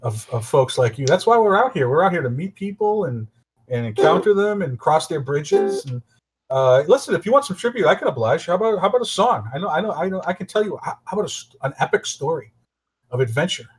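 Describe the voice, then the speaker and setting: A man's voice: fairly high pitch, very animated. A man voicing a bard who talks his way past trolls with rambling bluffs. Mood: bluffing. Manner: fast-talking, bluffing. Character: smooth-talking male bard.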